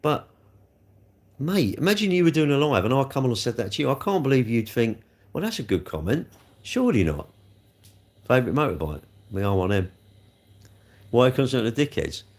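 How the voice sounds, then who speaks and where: A man's voice: mid-range voice, very animated, a little fast, pauses often, a little mellow. A man chatting casually on a live stream, answering comments and telling off trolls. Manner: chatty and rambling, scolding trolls with rising heat. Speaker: livestreamer answering chat comments.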